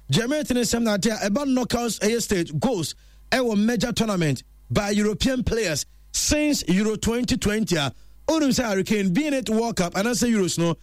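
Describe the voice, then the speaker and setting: A man presenting a chatty football news roundup in an animated storytelling way. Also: high voice, no echo, studio quality.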